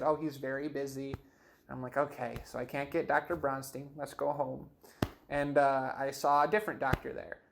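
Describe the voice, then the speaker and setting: A young man telling his life story in an interview, in a casual, animated way, full of "like" and "you know what I mean", and acting out the dialogue he quotes. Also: medium pitch, gravelly. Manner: acts out quoted dialogue in shifting voices.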